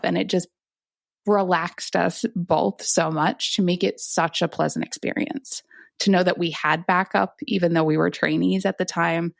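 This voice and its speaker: A woman physician speaks in a fairly low voice with a gravelly, creaky edge. She explains in a calm, clinical way, recorded close and dry with no room sound. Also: no echo. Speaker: physician guest. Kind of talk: conversational interview.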